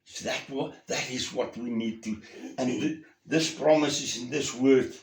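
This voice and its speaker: A man preaching a sermon, earnest and emphatic, at times raising his voice and at times dropping to a hushed tone. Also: mid-range voice, measured pace, creaky, echoey room. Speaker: pastor.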